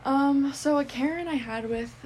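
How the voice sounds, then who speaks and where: A woman's voice: sits high, normal speed, a little mellow, slight background noise. A woman co-hosting a casual podcast, telling stories with swearing and acting out the people she quotes. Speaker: podcast co-host. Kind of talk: casual chat.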